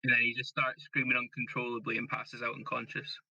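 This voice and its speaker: Bright-voiced man running a tabletop game. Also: medium pitch, brisk, vocal fry, dry recording, highs cut off. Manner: steady storytelling, quoting characters plainly. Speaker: game master.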